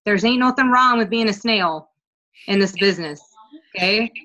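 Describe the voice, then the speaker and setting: Speaking at medium pitch and normal speed, a woman guest coach talks openly about her coaching journey in a casual interview. She swears freely and gets animated as she retells events.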